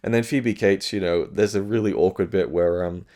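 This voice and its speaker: A man's voice: low voice, fairly even intonation, normal speed, mellow. A man giving a frank, chatty spoken review of a film release as the host of his own channel. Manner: frank and chatty, with fillers and blunt remarks.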